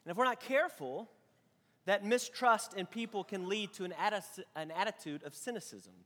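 A man preaching to his congregation in an easy, talkative way, his voice pitched high. The sound rings with a long reverb from a church hall. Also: normal speed. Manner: animated storytelling with nervous laughs. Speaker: pastor. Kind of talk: sermon.

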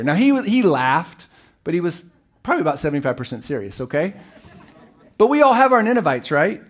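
A middle-aged male pastor delivers a sermon with a slightly high, lively voice. He tells the story vividly and acts out the voices of the people in it. His delivery keeps rising and falling. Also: fairly quick.

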